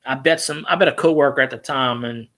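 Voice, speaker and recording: A man rambling in a casual, profane, excitable monologue as a sports-fan vlogger. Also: mid-range voice, quick pace.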